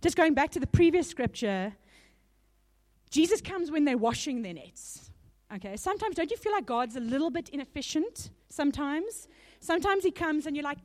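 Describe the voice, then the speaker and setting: Her high voice has lively intonation and a normal speed as she preaches in a conversational way. The woman sounds a little nervous, with warm small laughs punctuating her points.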